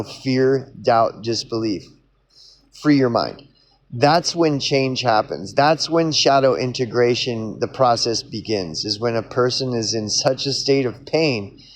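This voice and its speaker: A man with an Oklahoman accent in a casual, rambling monologue, swearing freely, repeating himself and restarting his sentences. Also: medium pitch. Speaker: vlogger.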